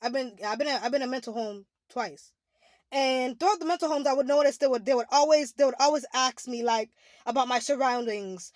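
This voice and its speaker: A woman's voice: high voice, a little fast, a little mellow, dry recording. A young adult woman in a candid, emotional confessional monologue, rambling with many restarts and "like" fillers. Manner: rambling, heavy use of "like", restarts. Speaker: spiritual vlogger.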